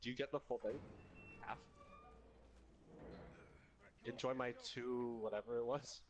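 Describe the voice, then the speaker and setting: A man's voice: medium pitch, fairly even intonation, a little slow. A man livestreaming a game, chatting casually with crude jokes and frequent laughter. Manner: crude, joking, laughs often. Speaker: livestreaming gamer. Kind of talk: casual gameplay chat.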